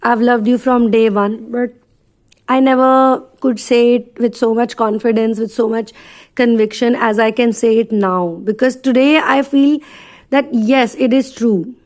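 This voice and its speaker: A woman's voice: a little high, steady tone, unhurried, a little mellow, natural voice. A woman voicing a devoted, dreamy young man who makes earnest, tender confessions of love.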